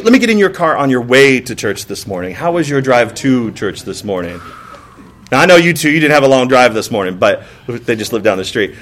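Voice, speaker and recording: Man, pastor, casual sermon, slightly high voice, rhetorical questions, sudden shouted bits. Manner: conversational, acts out exasperated outbursts; frequent rhetorical "right?" and repeated words. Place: church.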